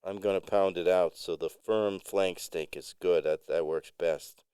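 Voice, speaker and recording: Give me an excitable woman customer with a stammer and crisp, slow speech, as a man puts her on. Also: deep voice, dry recording. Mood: insistent. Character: customer woman, eager, starstruck, insistent.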